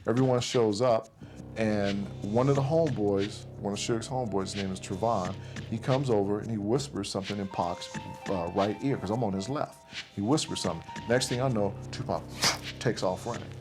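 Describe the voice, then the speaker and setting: A man with a fairly low voice tells a story in a loose, conversational way. He slips into the present tense and acts out what others said. A clear music bed plays under his words. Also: moderate pace. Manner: recounts events in present tense, voicing others' lines. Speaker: interviewee recounting events. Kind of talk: casual storytelling.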